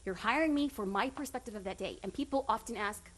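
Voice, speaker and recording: A woman giving a casual seminar talk on running a photography business, chatty and direct with quick asides. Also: on the high side, a bit bright. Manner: direct, self-described authoritative.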